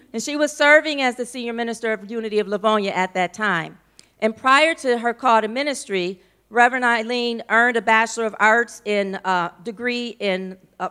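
A woman's voice: a little high, bright, forceful tone, smooth. A woman minister with an American accent introducing a guest speaker in church, emotional and informal with playful asides.

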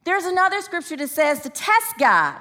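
Female preacher, emphatic call-and-response sermon, bright tone. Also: very high voice, big pitch swings, normal speed. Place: church.

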